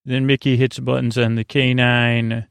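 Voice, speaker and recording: A man hosting a sleepy bedtime podcast, retelling a story in a halting, rambling way with many fillers and restarts. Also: vocal fry, clean tone, dry recording. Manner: low-key monotone retelling. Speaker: podcast host. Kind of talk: sleepy bedtime episode recap.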